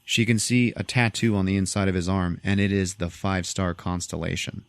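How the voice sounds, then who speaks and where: A man's voice: sits low, fairly quick, clear, resonant tone, no room sound. A man hosting a podcast, retelling a movie's plot in a casual, profane way and laughing often. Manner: animated, profane storytelling with frequent laughs. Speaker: podcast host.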